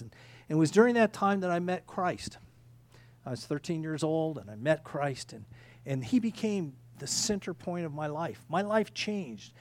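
A man preaching a sermon in a conversational way, halting with restarts and repeating key phrases. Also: on the high side, no room sound. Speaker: pastor.

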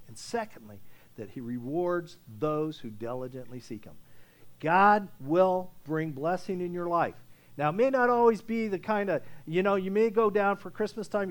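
High-voiced preacher man, conversational. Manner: conversational preaching with frequent "okay?" check-ins; rises to loud emphatic scripture reading. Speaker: pastor. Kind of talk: sermon.

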